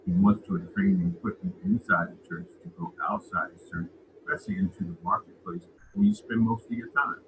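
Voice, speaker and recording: A man's voice: sits low, a little fast, narrow, tinny audio, background noise. A man preaching a sermon, often repeating words as he builds his point.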